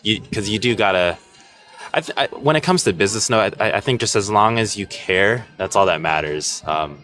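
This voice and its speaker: A man's voice: fairly low pitch, animated, fairly quick, fairly bright tone, soft background music. A young man, a musician guest, chatting casually and easygoingly with frequent fillers and laughter. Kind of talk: casual conversation.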